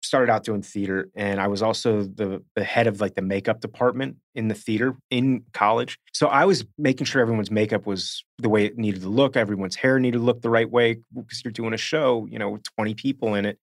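A man with a Northeast US accent, an actor co-hosting a casual chat and telling animated stories from set. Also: lowish voice, brisk, few pauses, no echo, clean studio sound. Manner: animated storyteller, slips into quoted voices. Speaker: podcast co-host, actor.

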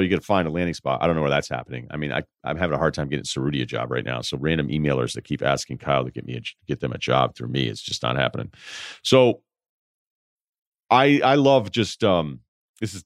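A man's voice: low-pitched, dry recording, clean studio sound. A man hosting a podcast, giving candid, rambling advice in casual chat, swearing now and then and acting out quoted people in his stories. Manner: acts out quoted voices in anecdotes. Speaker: podcast host.

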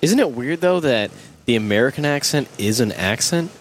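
Man with a lively mid voice. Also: mid-range voice, slight background noise. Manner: quick questions, jokey asides. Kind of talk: casual chat.

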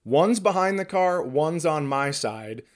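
A man's voice: fairly high pitch, expressive, takes it slowly. A man, a comedian and podcast host, telling a story in casual chat with self-mocking humor.

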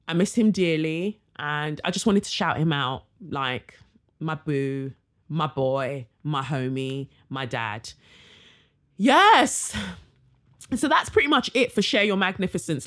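A young woman from Nigeria hosting a casual solo podcast, chatty and warm, full of slang and fillers. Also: sits low. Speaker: podcast host.

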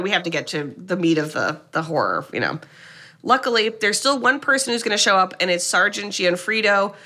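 A woman with a bright, clear voice retells a horror film for her co-host. She talks in an animated, sarcastic way, swearing now and then in casual podcast chat. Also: mid-range voice. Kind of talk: casual movie recap chat.

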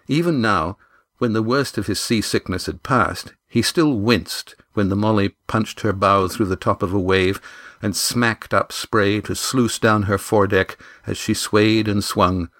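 A man reading an adventure novel aloud in a measured, even storytelling manner on a close studio mic. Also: lowish voice, no room sound. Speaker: audiobook narrator. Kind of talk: scripted narration of an adventure novel.

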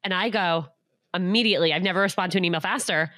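A woman's voice: fairly low pitch, fast, bright, forceful tone, no room sound, clean studio sound. A woman hosting a podcast in casual chat, talking in a chatty way with lots of 'like'. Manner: chatty, uses 'like' a lot. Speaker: podcast host.

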